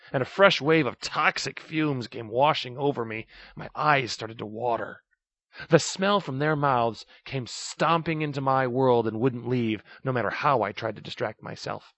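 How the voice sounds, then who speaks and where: A man reading a first-person story aloud, raising his voice to act out the shouted lines. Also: medium pitch, gravelly, no echo. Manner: acts out shouted lines of dialogue. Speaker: narrator. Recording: dry, slightly dull recording.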